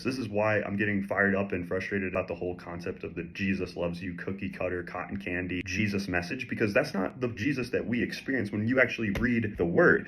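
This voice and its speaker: A man's voice: lowish voice, a bit bright, slightly rough. A man giving a fervent short sermon, retelling a Bible passage and urging listeners on with rising intensity. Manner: fervent, urgent, rising to exhortation. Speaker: preacher. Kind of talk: passionate short sermon video.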